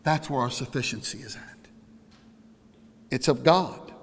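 A male pastor preaching an impassioned sermon that swings from hushed to loud. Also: mid-range voice, unhurried, big-room sound, a little hiss or hum.

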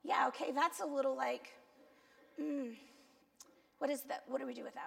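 Woman pastor, Cuban accent, chatty sermon delivery with a gravelly edge, long church reverb. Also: high voice, steady tone, measured pace, long pauses, fairly bright tone. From Cuba. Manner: conversational, self-deprecating, asks the congregation. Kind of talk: sermon with congregation questions.

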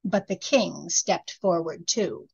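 Woman reading a storybook aloud: measured, expressive narration on a muffled recording. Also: fairly low pitch, gravelly, breathy edge. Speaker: reader.

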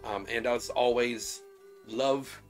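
A man giving casual, chatty let's play commentary as a gaming YouTuber, relaxed and trailing off quietly. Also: mid-range voice, takes it slowly, faint music behind.

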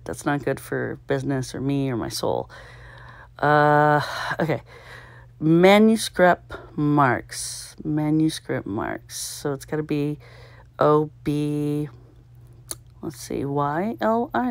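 A woman vlogger talks casually to herself while solving a puzzle, thinking aloud, sounding out guesses, and giggling in a self-mocking way at her own mistakes. Her voice is low with vocal fry, recorded with no echo.

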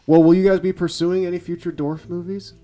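A man's voice: sits high, flat delivery, fairly quick, over music. A man hosting a casual podcast about bad tapes, joking and laughing often. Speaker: podcast host.

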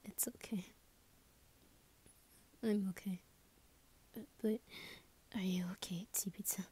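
An ASMR role-play creator plays a worried, tender young woman who whispers reassurance, her voice extremely breathy and husky with a dark, mellow tone. At a medium, steady pitch she speaks slowly and softly, anxiously checking again and again that her partner is okay.

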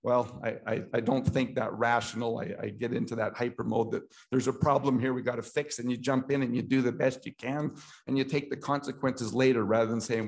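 A man's voice: medium pitch, level tone, fairly quick. A middle-aged Canadian man giving an impassioned talk at a political meeting, repeating himself and restarting often as he grows emotional.

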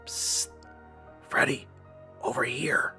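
A man's voice: medium pitch, sing-song, a little slow, pushed and bright, faint music behind. A man doing a sinister coaxing talking tree. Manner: menacing TV-villain coaxing.

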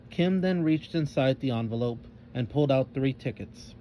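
A man reading a children's story aloud with expressive narration. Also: medium pitch, normal speed, slight background noise.

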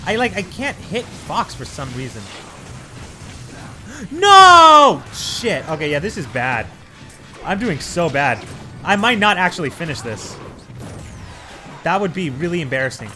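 A man narrates his gameplay in a casual, unscripted way, his high voice swinging widely in pitch as frustration builds. He swears freely and breaks into sudden yells. His tone stays bright and sharp-edged, with faint music playing behind him. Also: very animated, normal speed, long pauses. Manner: frustrated, swearing, bursts of yelling. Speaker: let's play host.

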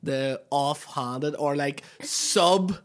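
A woman speaks a little low in pitch, relaxed and unhurried. She swears freely and laughs often while trading jokes on a comedy podcast. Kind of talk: casual comedy chat.

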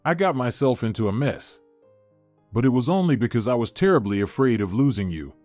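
A man's voice: medium pitch, expressive, fairly quick, darkish tone, no echo, soft background music, lightly acted. A man voicing an anxious, guilt-ridden young husband who speaks hesitantly and apologetically, in a storybook reading. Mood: pleading.

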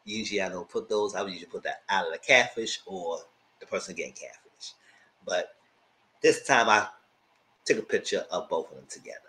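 A man giving a casual, animated recap of a reality show, acting out quotes in a squealing high voice and breaking into loud laughs. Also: a little fast, poor audio. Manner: loud laughs and shouted asides. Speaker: TV show reviewer.

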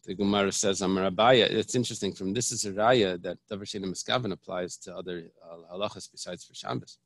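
A man's voice: sits low, steady tone, fast talker, no room sound. A man, a rabbi, teaching a Talmud lesson. He explains each point step by step, often restarting and repeating phrases. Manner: explanatory, repeats and restarts, mixes Hebrew terms.

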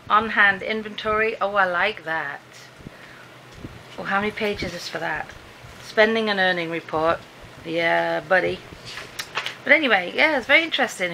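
A British woman vlogs from a dim room at home, chatting casually to the camera about her day, rambling and easily amused. Her voice is medium-pitched, gravelly and sharp in tone, and the poor audio carries slight background noise.

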